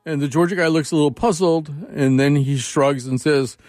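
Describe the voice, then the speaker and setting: Lively storytelling male host. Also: fairly high pitch, normal speed, few pauses, no echo, clean studio sound. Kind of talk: interview chat.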